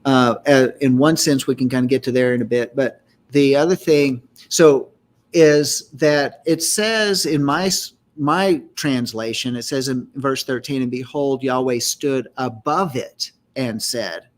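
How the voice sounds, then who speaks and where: A man leading a group Torah study discussion, explaining scripture and sounding out Hebrew words in a measured, teaching manner. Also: mid-range voice.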